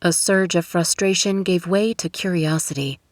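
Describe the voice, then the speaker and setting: Lady reading a romance audiobook, low voice, steady and measured, super dry booth sound. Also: no room sound. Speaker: audiobook narrator. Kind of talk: scripted narration. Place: recording booth. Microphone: studio microphone.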